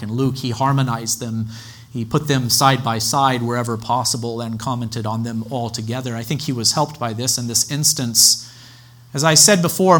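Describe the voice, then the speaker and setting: A male pastor preaching a sermon in a measured, expository way, now and then stopping to restart a phrase. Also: mid-range voice, fairly bright tone.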